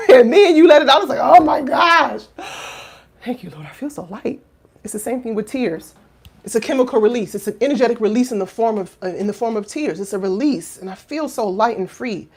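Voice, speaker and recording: A woman in her thirties, a coach, talking casually and heartfelt to camera, drifting from hushed reflection to loud exclaiming, with many fillers and rhetorical questions. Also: fairly high pitch, lively intonation, fast. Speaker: life coach and finishing school founder.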